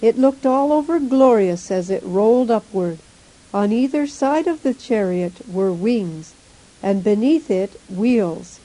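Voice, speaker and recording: Slow, mellow-voiced woman reading solemnly. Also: mid-range voice, expressive, poor audio. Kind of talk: scripted reading of a religious vision account.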